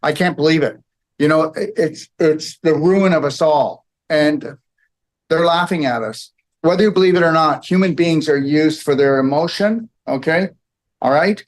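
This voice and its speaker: A man's voice: on the high side, normal speed. A man giving a rambling, emphatic lecture to a live audience, often checking in with okay and all right.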